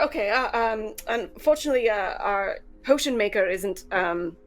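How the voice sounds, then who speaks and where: A woman's voice: medium pitch, moderate pace, few pauses. A woman narrating as game master in a chatty, laughing manner. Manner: chatty, laughing, with filler words.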